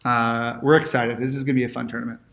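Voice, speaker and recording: A man's voice: mid-range voice, little pitch movement, fast, creaky, fairly bright tone. Enthusiastic man in podcast banter. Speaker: podcast co-host.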